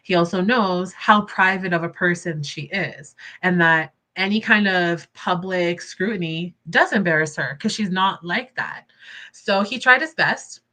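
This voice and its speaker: A young woman hosting casual livestream commentary, expressive and indignant, laughing often between points. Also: lowish voice, measured pace. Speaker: commentary channel host.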